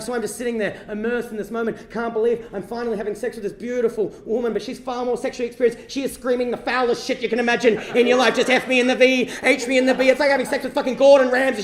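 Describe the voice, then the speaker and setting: A male comedian telling a long true story to a live audience. His voice sits high and he talks quickly, dropping to a hush and then bursting out loud. The sound rings around a roomy theatre. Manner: animated, swings from hushed to shouting. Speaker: stand-up comedian. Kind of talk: storytelling stand-up. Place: stage before a live audience.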